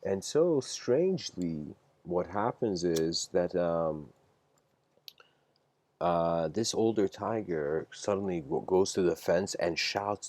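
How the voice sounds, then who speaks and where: A man with a very deep voice gives an informal livestreamed talk. He rambles and fills his sentences with "like" as he spins parables. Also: expressive, takes it slowly, darkish tone. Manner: rambling, heavy use of "like" fillers. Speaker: lecturer.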